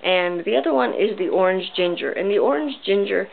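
A woman's voice: medium pitch, animated, a little fast, vocal fry. A young woman reviewing lotions in a chatty, bubbly way with many ums, in her bedroom. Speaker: beauty vlogger. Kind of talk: casual product review. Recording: tinny lo-fi camera audio.

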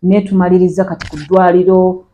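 A Ugandan woman speaks as an interview guest, telling a personal story in a very low, mellow voice. She moves easily between Luganda and English and keeps a conversational tone. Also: level tone, quick pace, low-quality recording.

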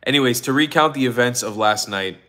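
Fairly quick and pushed, with a bright mid-range tone, a yawning, tired host rambles through a casual livestream. He restarts often, says um a lot, and greets chat viewers by name.

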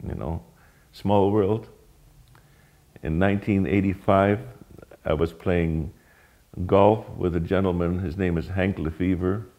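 Older man, low and mellow. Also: steady tone. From Netherlands. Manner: plain, halting storytelling with frequent "uh" pauses. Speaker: Holocaust survivor giving testimony. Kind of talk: spoken personal testimony.

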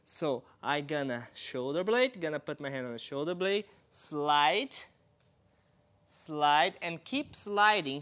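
A man's voice: fairly high pitch, a bit bright. A man from Brazil, a dance teacher explaining moves step by step while demonstrating. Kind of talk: instructional dance lesson.

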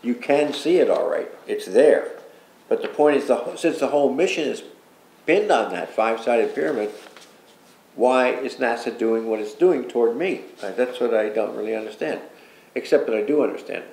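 Gravelly older man, earnest and rambling. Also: mid-range voice, normal speed, a little mellow. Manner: earnest, rambling recollection with repeated pleas and asides. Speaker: interview guest. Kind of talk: personal storytelling in an interview. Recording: roomy echo with faint background noise.

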